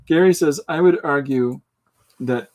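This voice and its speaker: Man, podcast host, casual livestream chat, slightly high-pitched, playful and quick to laugh. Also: a little mellow. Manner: playful, laughs often, reads out viewer comments; jokey, tries out voices mid-talk.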